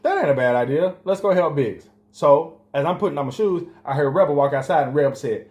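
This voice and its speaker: A man co-hosting a podcast, telling a funny story in casual chat, laughing and jumping up in pitch at the punchlines. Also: brisk, hardly any pauses, echoey room. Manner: animated, laughs and jumps high in pitch at punchlines. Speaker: podcast co-host.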